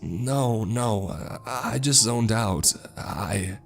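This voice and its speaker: Nervous dazed young wife, a deep-voiced guy pitching up for her, halting and trailing off. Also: vocal fry, faint music behind, heavily acted. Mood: flustered. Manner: hesitant, trailing off.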